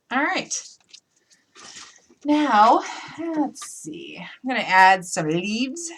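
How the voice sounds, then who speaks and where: A woman's voice: medium pitch, sing-song, slow pace, creaky, husky. A woman with an upstate New York accent hosting a live crafting tutorial, chatty and playful, talking her way through each step. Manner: chatty, playful, thinks aloud while working. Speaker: crafting demo host.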